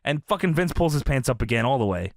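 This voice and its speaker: Man, podcast co-host, casual wrestling recap, lively, gravelly, dry sound. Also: mid-range voice, fast, no room sound. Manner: animated, laughing, acting out quotes.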